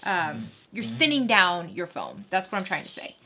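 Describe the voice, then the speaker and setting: A woman's voice: lowish voice, huge pitch swings, normal speed, gravelly, bright, forceful tone, slight background noise. A woman hosting a casual sewing tutorial, chatting and laughing with viewers while she works. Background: faint sewing machine whir.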